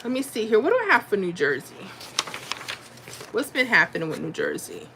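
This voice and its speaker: Woman livestream host, conversational and thinking aloud, mid-pitched, faint noise behind. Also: wildly swooping pitch, a little fast, creaky. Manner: chatty, reads viewer comments, thinks aloud over numbers. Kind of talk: casual livestream chat.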